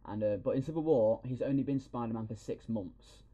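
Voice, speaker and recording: A man hosting a podcast, excitedly retelling a film scene by scene with plenty of swearing. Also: medium pitch, a little fast, lo-fi sound. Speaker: podcast host. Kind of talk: casual film review chat.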